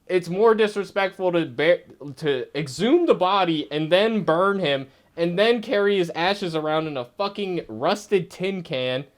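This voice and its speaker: Male TV reviewer, high clear voice, sarcastic, swearing, casual vlog rant. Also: lively intonation, measured pace, hardly any pauses. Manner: sarcastic, profane, laughing rants. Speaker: TV show reviewer.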